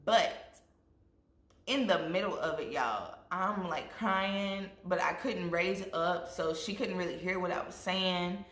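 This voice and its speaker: A young woman vlogger telling a storytime with lively asides to her viewers, acting out what people said. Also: on the low side, slow. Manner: animated, addresses viewers as y'all, acts out quotes. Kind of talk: storytime vlog. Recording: echoey room.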